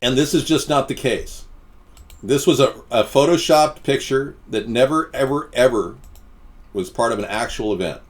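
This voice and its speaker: A man's voice: mid-range voice, moderate pace. A man hosting a casual live stream, rambling and answering chat comments with frequent restarts.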